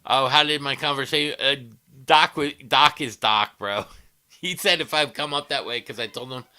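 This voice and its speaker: A man's voice: mid-range voice, moderate pace, sharp tone, smooth. A man hosting a guitar livestream, chatting casually and rambling through stories with frequent chuckles.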